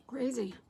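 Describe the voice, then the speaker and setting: A woman's voice: high-pitched, darkish tone, a little hiss or hum. A middle-aged woman hosting a craft livestream, chatting casually with viewers and greeting them by name. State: out of breath. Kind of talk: casual live chat with viewers.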